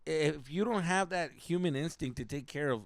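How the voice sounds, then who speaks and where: A young man, co-hosting a casual podcast chat and telling animated stories full of swearing and Spanish slang. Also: on the high side, normal speed, dry recording. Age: young adult. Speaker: podcast co-host.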